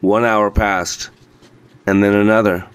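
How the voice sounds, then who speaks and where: A man narrating a folk tale aloud in a measured, steady reading voice, slowing down in places. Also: lowish voice, clear, resonant tone, dry recording. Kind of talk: scripted storybook narration.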